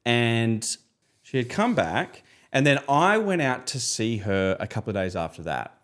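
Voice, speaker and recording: Animated man telling a story. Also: unhurried. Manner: animated storyteller, jumps into high voices when quoting. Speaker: podcast co-host. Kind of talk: casual storytelling chat.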